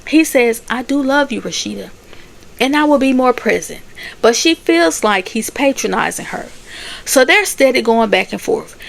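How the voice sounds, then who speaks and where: A woman's voice: a little high, creaky. A woman giving a sassy, chatty casual recap of TV episodes. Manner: sassy, chatty, laughs at the drama. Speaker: recap host.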